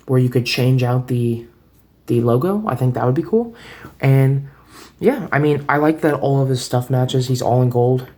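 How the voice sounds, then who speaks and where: A man's voice: medium pitch, a little mellow. A man giving a casual toy review at home, chatty and rambling, often restarting his sentences, recorded on a camera set on a table. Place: home room.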